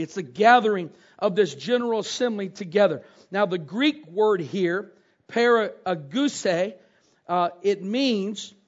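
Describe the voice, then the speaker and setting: A man with a high, light voice preaches a teaching sermon, working deliberately through scripture. He repeats phrases for emphasis and asks his listeners questions. The recording sounds slightly dull and lo-fi.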